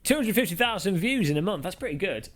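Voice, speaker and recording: A man's voice: high-pitched, animated, fast, a bit bright, soft background music. A man hosting a live stream, chatting casually in a jokey, rambling, self-deprecating way. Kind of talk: casual live-stream chat while sim racing.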